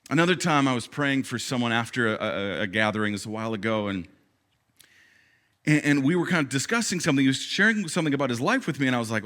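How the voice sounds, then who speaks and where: In his thirties, this pastor preaches conversationally, his mid-range voice expressive and a bit bright. He restarts haltingly at times and performs the quotes he cites.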